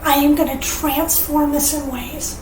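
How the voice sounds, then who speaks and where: A woman giving an earnest, emotional personal testimony as a podcast guest, animated and sometimes tearful. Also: high-pitched, a little slow. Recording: roomy, distant mic, faint noise.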